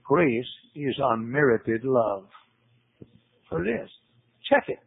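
A man preaching with a gravelly, husky voice, hammering points through repetition and pitching up hard on the words he stresses. The sermon comes through a tinny, phone-like radio broadcast with a dry, close sound. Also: expressive, slow pace, no echo. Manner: emphatic, repetitive, pitch climbing on key words.

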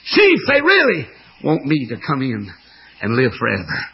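A man preaching a sermon, voicing a humble old king in rags who feels unloved, with a raspy voice. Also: mid-range voice, wildly swooping pitch, moderate pace, dull audio, a little hiss or hum. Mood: musing.

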